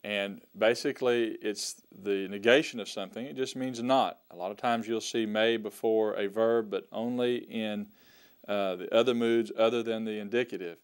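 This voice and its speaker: Slow, resonant male Greek teacher. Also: on the low side, fairly even intonation, clean tone. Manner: slow, deliberate, repeats words for emphasis. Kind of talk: recorded classroom lesson.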